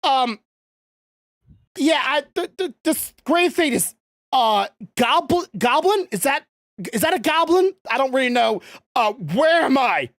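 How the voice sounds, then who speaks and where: Brief: lost young man, panicked and stuttering, put on by a woman, high and dry. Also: expressive, unhurried, dry recording. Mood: confused, panicked. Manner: stammering, frantic.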